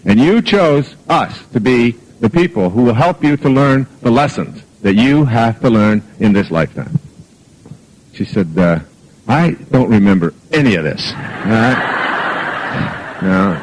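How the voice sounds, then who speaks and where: A man's voice: medium pitch, expressive, takes it slowly, rough recording. A middle-aged man giving a self-help talk to a live audience, anecdotal and jokey, acting out quoted dialogue. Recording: old archive audio recording.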